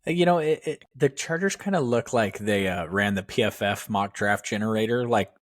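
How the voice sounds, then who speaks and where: A man with a low voice argues his points bluntly and with conviction. It is casual podcast talk, close to the mic, with a dry sound and no echo. He sometimes rushes through a thought. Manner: blunt, opinionated, sometimes speeds up. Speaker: podcast co-host. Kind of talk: casual sports chat.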